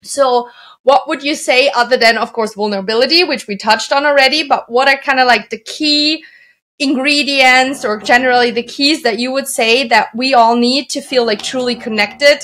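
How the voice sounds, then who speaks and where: A woman's voice: sits high, normal speed, fairly bright tone. A woman hosting a podcast interview, asking long chatty questions with casual fillers. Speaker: podcast host.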